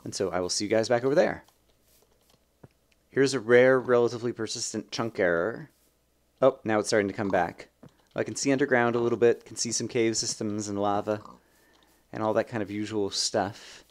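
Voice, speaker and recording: A young man hosting a let's play, chatting and thinking aloud as he plays, with sudden bursts of excitement. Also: lowish voice, moderate pace, long pauses. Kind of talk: gameplay commentary.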